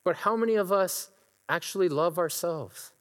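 A middle-aged male pastor delivering a sermon in a storytelling way, now and then imitating a friend's laugh. His voice sits a little higher than most men's. A long reverb trails each phrase, as in a large hall. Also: moderate pace.

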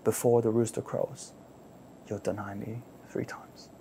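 A man voicing a solemn teacher who quietly foretells a betrayal. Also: fairly low pitch, fairly even intonation, slight background noise, pitched below the performer's own voice, lightly acted. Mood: grave. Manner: slow, grave, hushed.

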